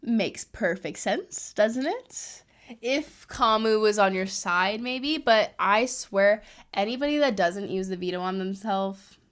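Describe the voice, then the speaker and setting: A woman talks through a reality show episode in a loose, chatty recap. She keeps adding fillers as she retells each moment. Her voice sits at an ordinary middle pitch. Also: expressive, takes it slowly, smooth. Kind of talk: casual recap monologue.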